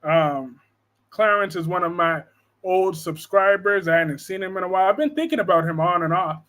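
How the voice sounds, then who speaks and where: A high-voiced man chatting casually on a live stream from home. He keeps things animated and joking, and reads viewer comments aloud as he goes. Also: moderate pace. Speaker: live-stream host discussing soap operas.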